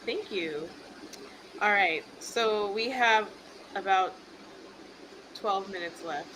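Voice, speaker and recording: A woman's voice: medium pitch, slow pace, noisy background. A woman co-hosting a casual group chat, moderating the talk and laughing often. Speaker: co-host.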